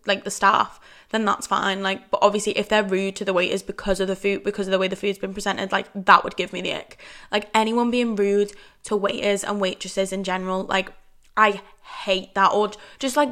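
Her voice sits at medium pitch with a slightly bright quality. She's a young podcast host going solo in a casual way, rambling on and saying "like" over and over.

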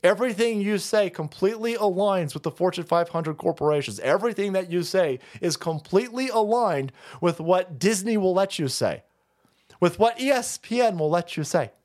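A man hosts a live stream in a heated, profane rant, mocking as he goes. His voice sits high and swings widely up and down. He rambles with restarts and short chuckles. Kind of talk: ranting live stream commentary.

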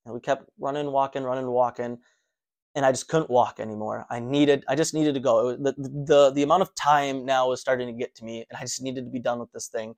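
Casual male storyteller at a mid pitch, animated and conversational, recounting a personal adventure. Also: brisk. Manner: animated, breathless recounting with restarts. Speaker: runner telling his own story.

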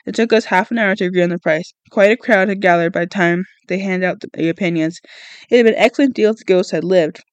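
A podcast host reads a novel aloud in first person, stumbling and correcting along the way. The voice sits at a middle pitch and sounds close and dry, with no room around it. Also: fast talker, no echo. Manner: reads aloud with frequent slips and self-corrections. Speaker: podcast book reader.

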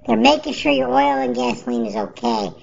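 Gravelly woman ranting in a lo-fi vlog. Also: sits high, wildly swooping pitch, brisk, darkish tone. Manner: rambling and repetitive, indignant complaining. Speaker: vlogger. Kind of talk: casual rant to camera. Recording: dull lo-fi recording.

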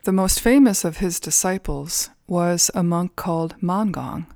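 A woman at a Zen center telling a teaching story for a podcast, calm and measured, with soft fillers. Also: fairly low pitch, gravelly, no echo, clean studio sound.

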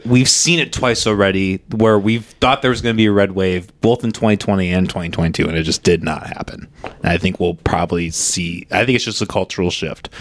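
A man guesting on a podcast, talking politics in a measured, agreeable way. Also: on the low side, fairly bright tone. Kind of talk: casual political chat.

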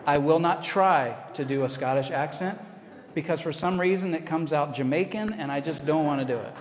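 A man's voice: a little high, moderate pace. An American man preaching a sermon as a pastor, conversational, with self-deprecating asides. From United States. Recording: echoey hall, long reverb.

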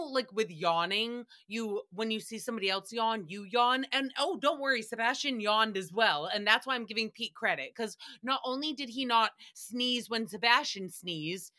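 A woman's voice: a little high, moderate pace, few pauses, bright, forceful tone. A young woman hosting a podcast recap, ranting in an exasperated, profane and sarcastic way. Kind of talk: solo comedic rant.

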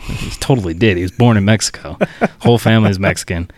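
Low-voiced man telling profane work stories. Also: fast, no room sound. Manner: profane storyteller, laughs often. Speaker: podcast guest, trucker. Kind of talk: casual chat.

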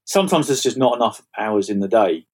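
A man, a fantasy author chatting as an interview guest, self-mocking and quick to laugh at his own stories. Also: on the low side, animated, darkish tone. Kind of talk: casual interview chat.

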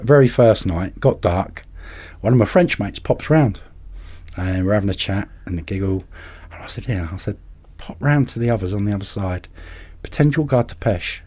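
A man, a podcast guest and carp angler, telling anecdotes in a lively way and acting out the voices of people in them. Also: sits low, husky. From England. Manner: animated, acts out other people's voices in anecdotes. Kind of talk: casual storytelling.

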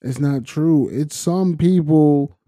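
A man co-hosting a podcast in casual chat, slangy, joking and animated. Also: fairly high pitch, takes it slowly, dry recording, studio quality. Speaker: podcast co-host.

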